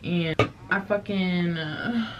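A woman's voice: lowish voice, takes it slowly, lo-fi sound, very noisy. Rambling young woman telling a story. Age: young adult. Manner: rambling, filler-heavy, swears casually. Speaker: vlogger. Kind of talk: casual storytime chat. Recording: voice a bit distant from the mic, faint music behind.

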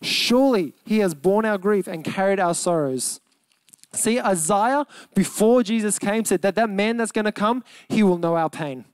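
A man's voice: high-pitched, expressive, clean tone, dry recording. Earnest Australian man preaching, dry sound. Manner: earnest, emphatic preaching with slowed, softened key words. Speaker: pastor. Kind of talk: sermon.

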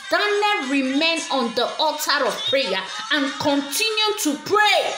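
High voiced woman preaching, earnest, repeats herself, echoey room with soft music behind. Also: very animated, unhurried, few pauses. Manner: earnest, repeats words and stumbles when stressing. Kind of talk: encouraging sermon to a camera.

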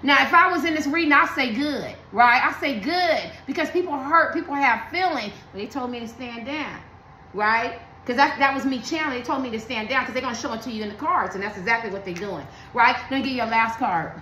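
A woman's voice: high voice, a little fast, bright, forceful tone, roomy sound, slight background noise, poor audio. A woman giving a blunt, emphatic tarot reading, talking in slang and preaching to her viewers. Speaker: tarot card reader.

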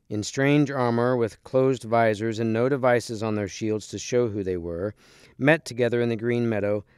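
A man reads a storybook aloud in a lowish, smooth and clear voice. His narration is steady and even, recorded close and dry with no room sound. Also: no room sound. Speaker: reader. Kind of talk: storybook reading.

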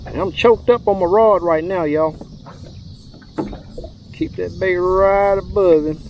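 A man's voice: high-pitched, slow pace, highs cut off, slight background noise. A man, chatting casually to viewers while fishing from a boat on a lake. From Texas. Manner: chatty, drawling, addresses viewers as y'all. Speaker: fishing guide. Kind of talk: casual fishing vlog commentary.

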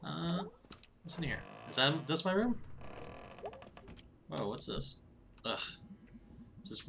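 A man's voice: a little high, very animated, moderate pace, gravelly, pauses often, pushed and bright. A man hosting a casual let's-play, chatty and giggly as he reacts aloud to the game. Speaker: gaming channel host.

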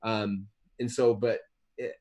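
A man's voice: on the low side, little pitch movement, takes it slowly, a little mellow, muffled recording. A man in his thirties, a guest author in a casual interview, talking in a rambling way with many restarts and repeated words.

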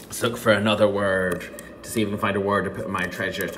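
A man teaching a children's phonics lesson from home, sounding out words slowly and playfully. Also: fairly low pitch, level tone. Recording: faint dishwasher hum at home.

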